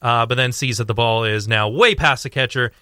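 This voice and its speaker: A young man talking sports on a radio show, rambling with fillers and restarts as he tells a story with growing excitement. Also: medium pitch, brisk, clear, resonant tone, no room sound, clean studio sound. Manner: animated storytelling. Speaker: sports commentator guest. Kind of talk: casual radio sports chat.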